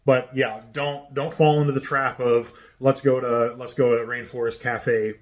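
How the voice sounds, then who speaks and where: A man's voice: medium pitch, little pitch movement, a little slow. A man co-hosting a casual travel chat, emphatic and fond of repeating his points for effect. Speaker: travel planner co-host.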